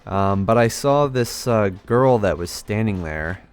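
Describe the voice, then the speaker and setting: A man's voice: lowish voice, lively intonation, a little slow, clean tone, soft background music. A young man rambling through a story while playing a game, hesitant and self-deprecating. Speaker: gaming video creator. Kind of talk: casual storytelling over gameplay.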